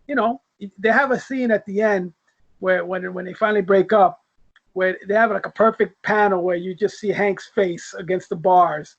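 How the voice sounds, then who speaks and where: A man who is a guest on a casual comic book discussion, who laughs often and repeats words as he thinks. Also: high-pitched. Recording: dull lo-fi audio.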